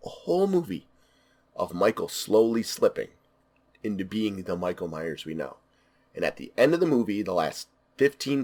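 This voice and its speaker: A man talks through a film in a loose, unscripted review. His voice sits on the lower side, and he leans on repeated words to stress what he loves. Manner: enthusiastic, emphatic repetition. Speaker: movie reviewer. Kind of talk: casual spoken film review.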